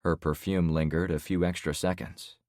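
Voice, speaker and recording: A man reading a survival thriller aloud in the first person, with a very low voice. His delivery is steady and dry, carrying the story evenly. The sound is close and free of room echo. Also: normal speed. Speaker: audiobook narrator. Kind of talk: scripted first-person narration.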